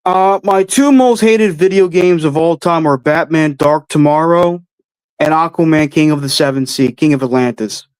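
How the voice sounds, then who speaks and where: A man's voice: on the high side, normal speed, a little mellow, clean tone, no echo. A man hosting a livestream, answering chat questions with blunt, offhand opinions and casual swearing. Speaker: host answering live chat.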